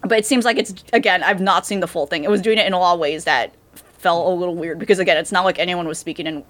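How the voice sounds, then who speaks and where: Here a podcast co-host, a woman whose first language is English, rambles through a casual talk on anime dubs, full of fillers and false starts. She speaks quickly in a lowish, fairly bright voice.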